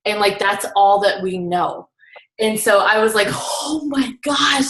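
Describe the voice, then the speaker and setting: A woman's voice: medium pitch, steady tone, a little slow. Chatty young woman, roomy echo. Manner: chatty, full of "like" fillers. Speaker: guest recapping a seminar. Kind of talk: casual storytelling.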